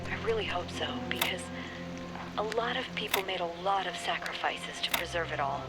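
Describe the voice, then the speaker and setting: A woman's voice: fairly low pitch, normal speed, natural voice. A woman acting a hopeful archive message as a game voice performer, earnest and wistful. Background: loud music.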